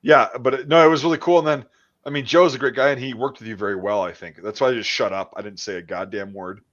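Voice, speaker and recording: A man casually chatting as a podcast host, swearing often and trailing off into quiet mumbles. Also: mid-range voice, quick pace, dull audio. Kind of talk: casual chat.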